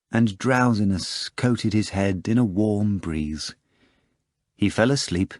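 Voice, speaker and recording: Scripted audiobook narration comes from a man with a fairly low pitch, who tells the story in an even, measured manner. The sound is studio quality with no room sound.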